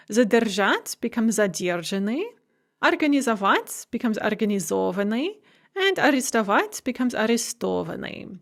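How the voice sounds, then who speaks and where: A woman teaching a recorded language lecture, explaining grammar methodically and carefully pronouncing example words. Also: fairly high pitch. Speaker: Russian language instructor.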